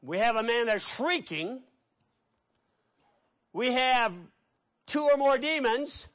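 A middle-aged man preaching a sermon, telling stories with lively, animated delivery. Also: extremely high pitch, slow pace. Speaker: pastor.

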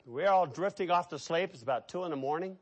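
A middle-aged man preaching a sermon, telling stories with lively, animated delivery. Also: a little high, fast. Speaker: pastor.

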